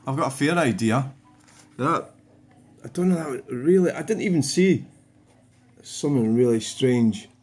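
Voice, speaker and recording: A man's voice: mid-range voice, animated, a little slow, long pauses, a little mellow. A man, a vlogger rambling wryly through casual commentary about his own channel. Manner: rambling, wry, digressive.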